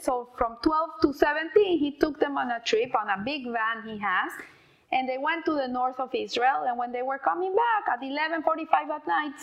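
A woman casually telling an inspirational story, halting and repeating words as she goes. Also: high voice, dull audio.

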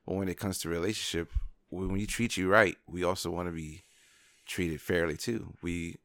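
A man with a very low, deep voice, talking earnestly in a casual podcast conversation. He pauses and restarts as he searches for words. The sound is close and dry. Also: fairly even intonation, a bit bright, no echo. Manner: earnest, hesitant, restarts often. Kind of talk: casual chat.

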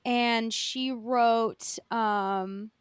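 A woman's voice: a little high, steady tone, very slow, clear, resonant tone, no room sound. A woman co-hosting a podcast, recapping news in casual chat with many fillers. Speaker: podcast co-host.

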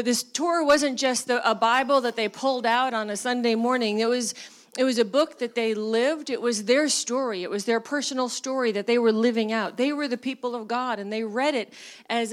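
A woman with a high voice preaching a sermon. She talks conversationally, with fillers and the odd laugh, then builds into animated, emphatic bursts.

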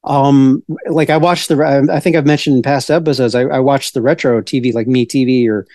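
A man in his forties co-hosting a casual pop-culture podcast, telling stories in an excitable, rambling way with many restarts. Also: mid-range voice, fairly quick, no echo, studio quality. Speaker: podcast co-host.

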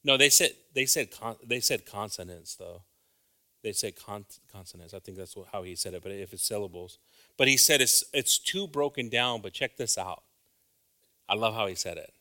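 A man preaching an informal sermon, talking conversationally and checking in with the congregation, then building to loud, fervent exhortation. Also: lowish voice, moderate pace. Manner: conversational, often asks the congregation "right?".

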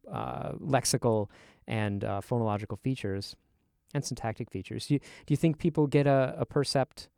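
A man's voice: medium pitch, darkish tone, smooth, dry recording, clean studio sound. A man hosting an academic conversation, asking curious follow-up questions. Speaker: host. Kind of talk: casual academic discussion.

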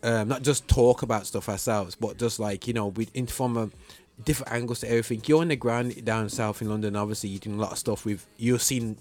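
A man's voice: lowish voice, steady tone, fairly quick, darkish tone. Chatty joking male radio host. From United Kingdom. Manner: loose, joking, lots of fillers and repeats. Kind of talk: casual chat.

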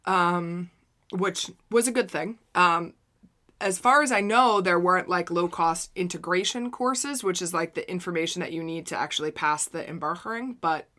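A woman's voice: on the low side, normal speed, sharp tone. A woman from the United States with an American accent, co-presenting news, casual with frequent fillers and wry asides. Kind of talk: news reading and casual chat.

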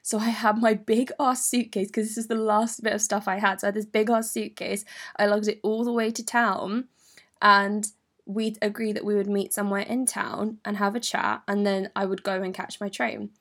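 A woman's voice: mid-range voice, normal speed. Candid, sweary young London woman. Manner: candid, animated, sweary, slangy. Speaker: vlogger. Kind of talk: storytime monologue.

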